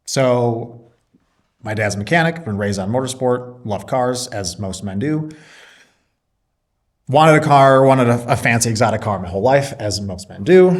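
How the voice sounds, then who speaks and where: Man, interview guest, casual storytelling, acts out quoted dialogue, mid-pitched voice. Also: moderate pace. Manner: animated storyteller who acts out both sides of a dialogue. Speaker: podcast guest, business owner and Marine reservist.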